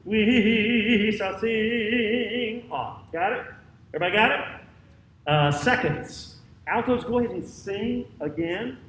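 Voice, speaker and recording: A man directing a choir rehearsal, counting off, singing out parts and giving brisk instructions in a rehearsal room with a piano. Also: high voice, animated, fairly bright tone. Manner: brisk counting and sung demonstrations. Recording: roomy, distant mic with piano.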